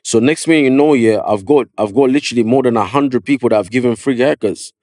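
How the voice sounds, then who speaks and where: A man with a London accent, a barber telling his story in a casual podcast interview, slangy and animated, full of "yeah" and "you know what I mean". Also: mid-range voice, fast, no echo, studio quality. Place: podcast studio.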